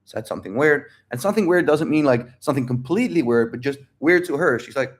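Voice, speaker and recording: A man's voice: mid-range voice, moderate pace. A man with a mid-range voice holds a casual livestream Q&A as a dating coach. He talks bluntly and animatedly, repeating his points and swearing freely. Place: home livestream.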